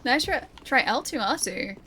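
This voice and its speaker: A woman streams a video game with game music behind her, chatting and giggling with viewers in casual commentary. Her voice is fairly high, with lively intonation, a moderate pace, and a sharp tone, on a low-quality recording with slight background noise.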